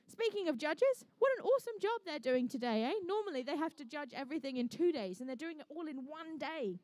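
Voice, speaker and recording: A woman's voice: sits high, expressive, brisk, hardly any pauses, a little mellow. A woman commentating a live competition, bubbly and jokey, chatting with the crowd between rounds. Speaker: event commentator and MC.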